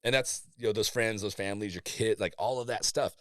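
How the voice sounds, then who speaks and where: A man's voice: fairly low pitch, brisk, fairly bright tone, no room sound, clean studio sound. A man in his forties, a Navy master chief, telling blunt, profane stories in a casual podcast chat and laughing often. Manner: candid storytelling, swears freely, laughs often.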